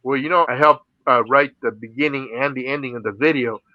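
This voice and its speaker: A man's voice: mid-range voice, fairly even intonation, brisk, no room sound, highs cut off. A middle-aged man from the Philippines, an interview guest and radio DJ, telling his stories in a casual way, laughing often and saying "you know" a lot. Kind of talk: casual storytelling.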